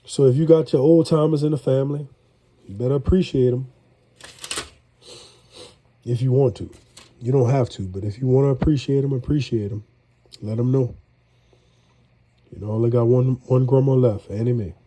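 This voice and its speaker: A man's voice: medium pitch, fairly even intonation, normal speed, long pauses, dark tone. A middle-aged man, congested, chatting in a rambling, folksy way as he cooks for a vlog. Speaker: home cook. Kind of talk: casual cooking vlog.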